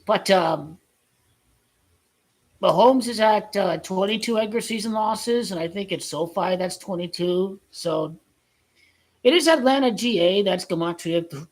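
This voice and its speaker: A man's voice: sits high, a little slow, pauses often, rough recording. A man giving a casual football rant as a vlogger, blunt and profane, rambling with stumbling restarts.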